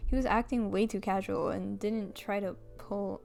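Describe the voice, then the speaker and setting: A young woman reads a visual novel aloud, breaking into excited squeals and giggles. Her voice has a gravelly, fried edge, and faint music plays underneath. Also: mid-range voice, moderate pace. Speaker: gamer. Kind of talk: reading a visual novel aloud with live reactions.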